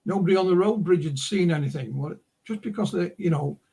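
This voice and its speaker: Husky man telling stories. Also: high voice, a little fast, warm tone. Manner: rambling anecdotal storyteller, full of asides. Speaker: author and publisher guest. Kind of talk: casual interview storytelling. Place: remote interview call.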